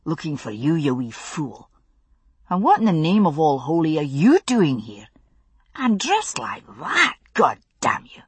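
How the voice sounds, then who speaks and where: A woman voicing a fierce young man with a gruff, forceful way of speaking. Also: low voice, very animated, measured pace, no room sound, heavily acted. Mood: angry.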